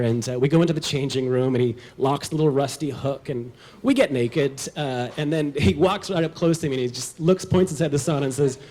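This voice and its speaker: A man's voice: on the high side, darkish tone. Wry man telling a comic story on stage. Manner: wry, comic, self-deprecating. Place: stage at a live storytelling show.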